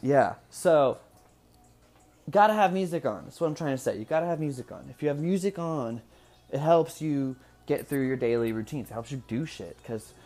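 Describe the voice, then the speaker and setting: A man's voice: medium pitch, lively intonation, moderate pace, a little mellow. A man in his twenties from Indiana, chatting casually to the camera at home. He rambles from one thing to the next, swearing freely and laughing often. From Indiana, USA. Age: 20s. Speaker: vlogger. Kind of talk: casual chat.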